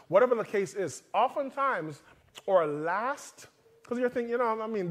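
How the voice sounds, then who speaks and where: A man's voice: sits high, lively intonation, normal speed, fairly bright tone. A man preaching a sermon, moving between conversational storytelling with humorous asides to the congregation and reading scripture aloud. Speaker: father.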